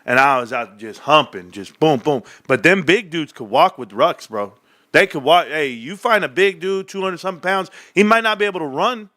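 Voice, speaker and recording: A male streamer talks casually from his home desk, cursing freely and laughing often. His voice sits a little high and sounds bright and forceful. His pitch swings widely as he talks. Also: moderate pace. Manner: animated, swearing, laughing often. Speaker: livestream host. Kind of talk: casual livestream chat.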